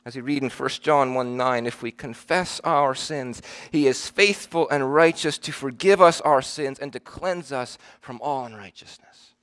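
A man preaching a sermon, earnest and emphatic, slowing down to stress the verses he quotes. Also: mid-range voice, fairly bright tone.

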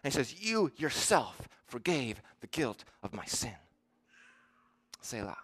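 A man preaching a sermon, earnest and emphatic, slowing down to stress the verses he quotes. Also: medium pitch, big pitch swings, fairly bright tone, husky.

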